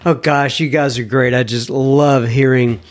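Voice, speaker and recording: A man's voice: mid-range voice, steady tone, unhurried. A man hosting a podcast, reading a listener's email aloud with amused laughs and heartfelt thanks. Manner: warm, amused, laughs often, lifts his voice to read quotes. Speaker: podcast host.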